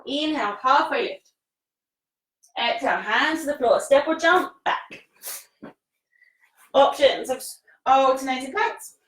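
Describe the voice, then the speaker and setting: Breathy, high-voiced yoga teacher. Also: female voice, a little slow, pauses often, fairly bright tone. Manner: encouraging, laughs often, casual British phrasing. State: somewhat out of breath while exercising. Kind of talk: live-streamed yoga class instruction. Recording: echoey room, voice from the mic's distance.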